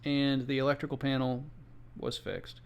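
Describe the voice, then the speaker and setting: Gravelly-voiced man telling a work story. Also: medium pitch, flat delivery, normal speed, highs cut off. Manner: conversational, with exasperated asides. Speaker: home inspector. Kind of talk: casual first-person storytelling. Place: Florida.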